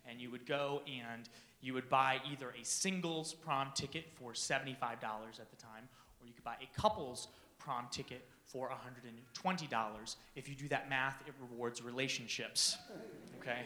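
A man telling a comic personal story to an audience, animated and self-deprecating, acting out the dialogue. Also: medium pitch, normal speed, reverberant. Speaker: speaker addressing an audience.

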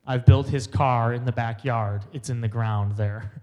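A man voicing a gruff, blunt middle-aged father with a flat, matter-of-fact delivery. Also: mid-range voice, a little slow, long reverb tail, voice pushed down, lightly acted.

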